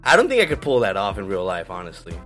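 A man's voice: low-pitched, wildly swooping pitch, quick pace, fairly bright tone, faint music behind. A young man co-hosting a podcast, chatting casually and rambling through stories. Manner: rambling, retells scenes with quoted voices. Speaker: podcast co-host. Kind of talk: casual chat.

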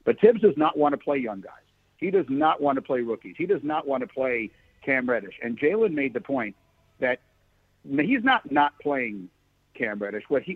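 A man's voice: medium pitch, slightly rough, no echo. A man hosting a sports talk show, chatting casually and often restarting his sentences. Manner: thoughtful, frequent restarts. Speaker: sports podcast host. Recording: tinny phone-like sound.

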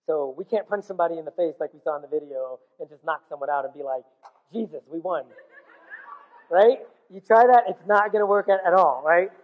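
A man's voice: on the high side, fast talker, hardly any pauses. A man preaching a sermon, telling his own story earnestly to the congregation. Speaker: pastor. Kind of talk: sermon with personal testimony. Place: church hall. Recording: tinny phone-like sound with long hall reverb.

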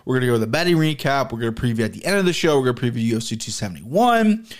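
A rambling man hosts his own podcast and talks straight to the camera. His delivery is loose and excitable, full of restarts and casual swearing, and his pitch sits mid-range for a man. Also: very fast. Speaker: podcast host. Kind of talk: casual solo podcast talk. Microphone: camera and podcast mic.

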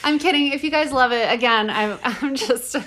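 A young woman co-hosting a podcast, chatting casually and giggling through animated stories. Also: high-pitched, normal speed. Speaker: podcast co-host. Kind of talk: casual chat.

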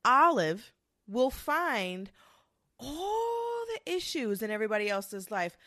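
A woman's voice: on the high side, no room sound, clean studio sound. Sassy, profane woman ranting. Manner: sassy, profane, animated storytelling with mocking quoted voices. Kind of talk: ranting commentary monologue.

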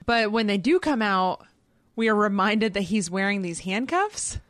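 A woman co-hosting a casual podcast chat, recapping plot in lively detail. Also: medium pitch, normal speed, no room sound. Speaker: podcast co-host.

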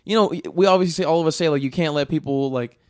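A man's voice: fairly high pitch, rapid-fire, no echo, studio quality. A man in casual chat with friends, rambling with many "like" fillers.

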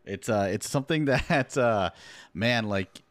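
A man's voice: medium pitch, expressive, unhurried, dry recording. A man, an author guest on a podcast, talking in an easygoing, self-deprecating, rambling way. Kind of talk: casual podcast chat.

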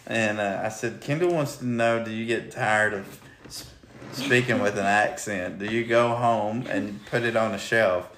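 A man's voice: lowish voice, fairly even intonation, unhurried, fairly bright tone, slight background noise. A man hosting a podcast in casual chat, laid-back and joking. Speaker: podcast host. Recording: echoey room.

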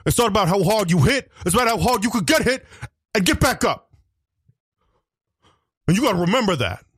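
A man's voice: high voice, sing-song, fairly quick, fairly bright tone, slightly rough, dry recording, studio quality, voice pushed up, exaggerated voice. A man doing a slurred, earnest impression of a stubborn aging male boxer.

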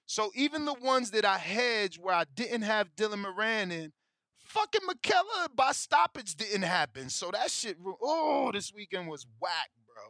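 A man rants about boxing in loose, slang-heavy talk full of swearing. His voice sits high and comes across bright and forceful. The sound is dry and close, with no room around it. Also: very animated, moderate pace, no echo. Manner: profane, emotional slangy ranting. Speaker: boxing show host. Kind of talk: casual chat about betting and fights.

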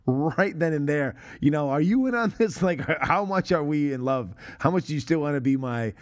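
A man in his forties co-hosting a casual film podcast, animated and profane, acting out quotes and laughing as he goes. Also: on the high side, moderate pace. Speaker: podcast co-host.

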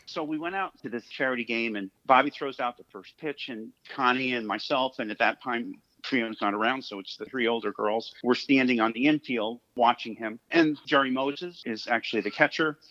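A man in his sixties, a podcast guest, telling a long personal anecdote in a chatty, animated way. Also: mid-range voice, moderate pace, hardly any pauses, highs cut off. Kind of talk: casual storytelling on a call.

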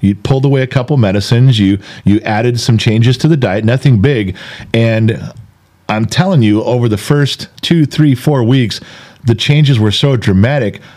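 A man's voice: medium pitch, normal speed, warm tone. Man, podcast host, earnest, emphatic, repeats himself, candid conversation.

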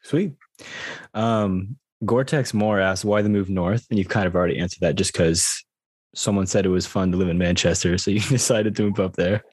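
A man hosts a casual podcast in an upbeat, easygoing way. His voice is on the low side and a bit husky. The sound is close and dry. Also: normal speed, a little mellow, dry recording. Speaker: podcast host. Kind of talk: casual chat.

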